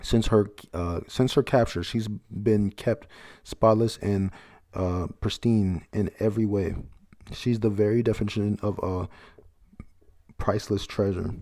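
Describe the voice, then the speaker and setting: Low, mellow man for a casual comic chapter review, blunt and loose with swearing. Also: little pitch movement, moderate pace. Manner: reads panels aloud, blunt, swears freely, laughs at surprises.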